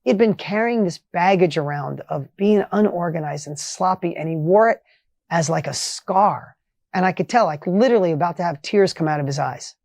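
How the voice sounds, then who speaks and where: A middle-aged man telling a motivational story with energy and emphasis, his voice rising when excited. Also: sits high, moderate pace, vocal fry, dry recording. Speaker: motivational speaker.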